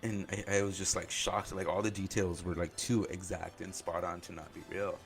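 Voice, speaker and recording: Male podcast host, very low voice, halting and openly emotional storytelling. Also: steady tone, creaky, soft background music. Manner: halting, full of "like" and "um" fillers. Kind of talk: personal storytelling.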